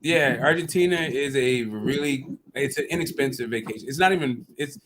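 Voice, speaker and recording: A man's voice: medium pitch, fairly quick, background noise. A man hosting a casual livestream chat about boxing, joking and swearing freely. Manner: joking, loose and profane. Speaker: podcast host.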